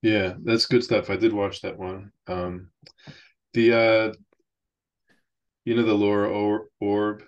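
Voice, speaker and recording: Deep-voiced hesitant man, muffled audio. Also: level tone, takes it slowly, pauses often. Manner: hesitant, many fillers. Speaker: interviewer, host. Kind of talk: casual conversation.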